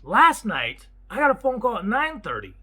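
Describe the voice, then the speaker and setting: A man, a property manager, telling a story in a casual vlog and acting out the quotes in an excitable way. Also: extremely high pitch, normal speed, husky, rough recording. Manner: animated, excitable retelling with acted-out quotes.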